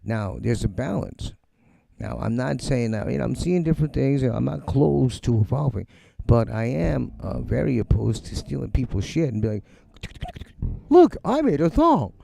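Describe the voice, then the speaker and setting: Gravelly, blunt middle-aged man. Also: medium pitch, normal speed, slight background noise. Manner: blunt, profane, animated, mocks others in quoted voices. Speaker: musician livestream host. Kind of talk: casual live-stream rant. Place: home studio.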